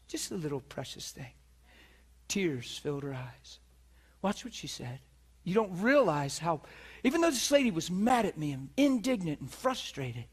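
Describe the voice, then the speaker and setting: A man preaches with a high, bright voice into a handheld mic. He tells his story in an animated way and acts out the other people in it. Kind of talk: storytelling sermon. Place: teaching hall before an audience.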